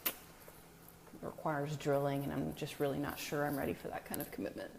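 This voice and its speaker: A woman's voice: low-pitched, flat delivery, a little fast, creaky, a little mellow, a little hiss or hum. A woman hosting a casual live stream from her home, greeting viewers by name in a chatty, self-deprecating way. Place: new home with a brick wall, indoors.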